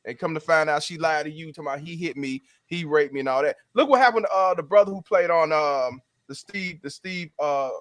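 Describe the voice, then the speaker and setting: A man hosting a casual talk show, giving strong opinions and reading out donation shoutouts. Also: a little high, no echo. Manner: opinionated, quick to agree, reads donation shoutouts. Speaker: show host. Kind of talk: casual podcast chat.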